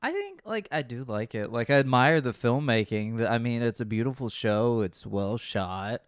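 A man's voice: mid-range voice, sing-song, moderate pace, clear, resonant tone, no echo, studio quality. A man co-hosting a podcast in casual chat, rambling and laid-back, swearing freely and sounding sleepy. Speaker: podcast co-host.

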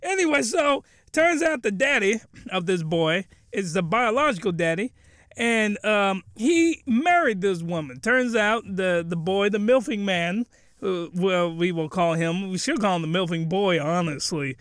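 A young man hosting a comedic review, rambling and excitable, with loud bursts of ranting. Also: high voice, unhurried, dry recording, studio quality. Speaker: host.

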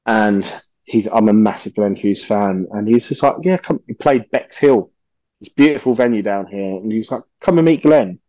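A man, a podcast guest telling stories in a lively, swearing way and acting out the voices of people he quotes. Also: lowish voice, moderate pace, dry recording, muffled recording. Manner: animated, swears often, acts out quoted voices. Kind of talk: casual storytelling interview.

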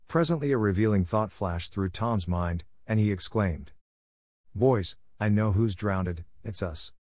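Low-voiced man reading a classic story. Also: no room sound, studio quality. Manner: measured, expressive reading. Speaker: audiobook narrator. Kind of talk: scripted storybook narration.

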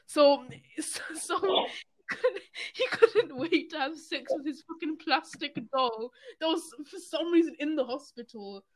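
A young man co-hosting a casual podcast, excitable and profane as he reads out odd news stories. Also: extremely high pitch, unhurried. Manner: excitable, swearing, laughs while reading news. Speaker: podcast co-host.

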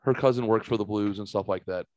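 A man in his forties, a podcast host telling casual stories in an animated way, swearing freely and jumping higher when excited. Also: fast talker, no echo, muffled recording. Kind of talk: casual storytelling chat.

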